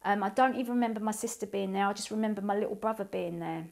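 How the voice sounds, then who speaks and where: A woman in her forties shares her personal story of surviving abuse. She speaks haltingly and with feeling, pausing often and filling gaps with soft ums, her voice at an ordinary pitch for a woman. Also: steady tone, vocal fry. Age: 40s. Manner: halting, emotional, with pauses and ums. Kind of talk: personal testimony.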